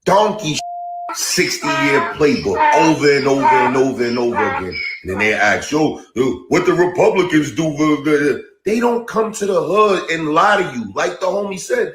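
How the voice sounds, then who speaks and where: A man's voice: fairly high pitch, sing-song, moderate pace, roomy sound, noisy background. A man giving sarcastic political commentary full of slang.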